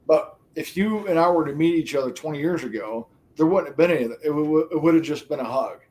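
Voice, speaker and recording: A middle-aged, retired man chatting on a livestream, animated, profane and laughing often. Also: a little high, quick pace, a little hiss or hum. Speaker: livestream co-host. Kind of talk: casual stream chat.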